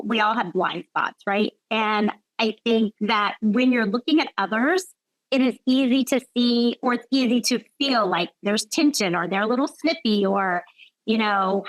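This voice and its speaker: A woman's voice: on the high side, no echo, poor audio. A woman physician talking reflectively in an interview, often adding "right?" and "like" as she thinks aloud. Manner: reflective, frequent "right?" and "like" fillers. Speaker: physician guest. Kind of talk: conversational interview.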